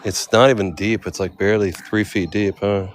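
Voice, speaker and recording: Out by a bay, a travel vlogger walks and chats casually, exclaiming over the scenery while searching for the ferry. His voice is lowish with fairly even intonation at a normal speed, with a little hiss or hum.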